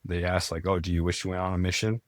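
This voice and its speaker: A young man with a very low, deep voice tells his story as a podcast guest. He talks casually and earnestly, often pausing on "like" and restarting his sentences. The sound is dry and close. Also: level tone, no room sound. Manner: earnest, many "like" fillers and restarts.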